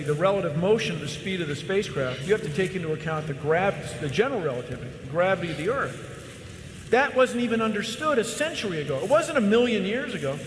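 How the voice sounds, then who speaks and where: A man's voice: sits high, background noise. A man answering an audience question in a confident, explanatory way. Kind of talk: public Q&A. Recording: echoey hall.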